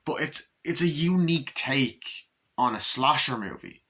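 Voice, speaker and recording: Bright-voiced casual male movie reviewer. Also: mid-range voice, animated. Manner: rambling, retells scenes with quick put-on voices, casual swearing.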